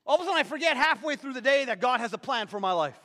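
Man, preacher, very high voice, emphatic, energetic, repetitive, long hall reverb. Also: rapid-fire. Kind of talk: sermon with object lesson.

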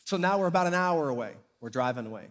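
A middle-aged man preaching a sermon as a pastor, telling stories in a lively way and acting out the characters. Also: on the high side, quick pace. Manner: animated storyteller, acting out characters and shouting at climaxes. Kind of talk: sermon with storytelling. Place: church hall.

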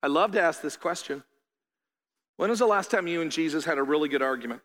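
A man preaching a sermon as a pastor, animated, acting out the voices of his listeners. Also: on the high side, fast talker. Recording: long hall reverb.

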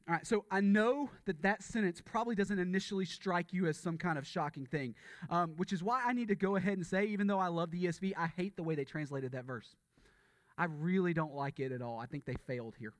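A man's voice: high-pitched, fairly quick, no room sound. A man preaching a sermon in a conversational way, often repeating words and asking the congregation rhetorical questions. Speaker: pastor.

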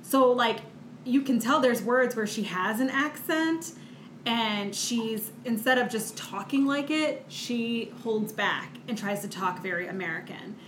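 Chatty animated woman, echoey room. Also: fairly high pitch, a little slow. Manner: chatty, animated, laughs often, says "like" a lot. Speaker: podcast co-host. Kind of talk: casual chat. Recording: echoey room with faint noise.

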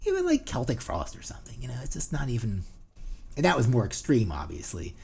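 A man's voice: mid-range voice, wildly swooping pitch, quick pace, vocal fry, a little mellow, a little hiss or hum. A man in his forties from New Jersey with a New Jersey accent, co-hosting a casual podcast, rambling and swearing with lots of fillers. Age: 40s. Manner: rambling, profane, ranting with many fillers. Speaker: podcast co-host. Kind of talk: casual banter.

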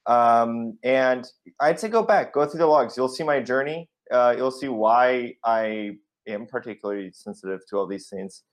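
A man co-hosting a comedic podcast in a deadpan, mock-solemn way. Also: medium pitch, normal speed. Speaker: podcast co-host.

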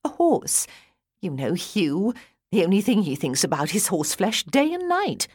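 A woman's voice: mid-range voice, huge pitch swings, normal speed, a little mellow, slightly rough, dry recording, studio quality. A woman reading as a teasing older sister who mocks her brother between bursts of laughter. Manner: mocking, hooting with laughter.

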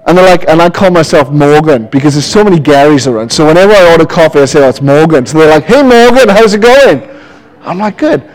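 High-voiced man preaching. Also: fast talker, few pauses, rough recording. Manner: lively, animated preaching with storytelling. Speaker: pastor. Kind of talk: sermon.

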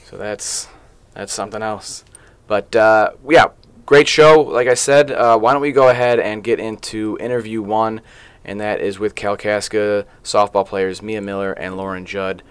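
A man in his late thirties with a somewhat low voice hosts a casual sports podcast from the studio. He talks in a loose, rambling way and fills his sentences with filler sounds. He sounds at ease as he chats with his guests. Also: fairly even intonation, moderate pace, clean tone, no room sound. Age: late 30s. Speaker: podcast host.

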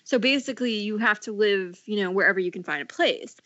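A woman's voice: medium pitch, quick pace, pushed and bright, no room sound. A woman co-hosting a casual podcast about a TV show, rambling with many fillers and restarts. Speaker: podcast co-host. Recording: dull lo-fi sound.

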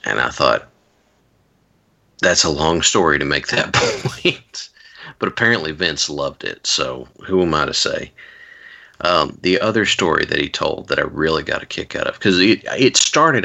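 A man's voice: rumbling low, lively intonation, moderate pace, creaky, pushed and bright. A man telling rambling stories in a casual chat, with wry asides and frequent restarts.

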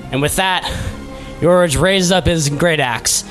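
A man's voice: a little high, slow pace, a bit bright, soft background music. A man narrating as game master in a dramatic storytelling manner.

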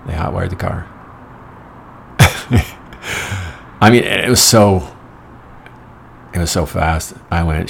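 A man's voice: sits low, takes it slowly, creaky, long pauses, a little hiss or hum. A middle-aged man telling casual, rambling anecdotes in a wry, profane manner. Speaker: storyteller.

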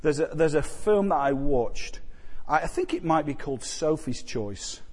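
Guy preaching a sermon, kinda high voice, chatty then suddenly intense, big echoey church sound. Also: animated, moderate pace, husky. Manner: conversational, repeats phrases for emphasis; builds to loud, intense passages then drops quiet. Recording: long reverb of a large hall.

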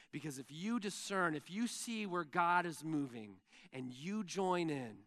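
Bright, high-voiced pastor preaching. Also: male voice, measured pace. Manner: animated storytelling with fillers and acted-out quotes. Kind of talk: sermon.

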